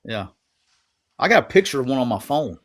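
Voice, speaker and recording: A man, telling stories in a casual chat as a guest, animated and rambling, often repeating himself. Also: medium pitch, a little fast.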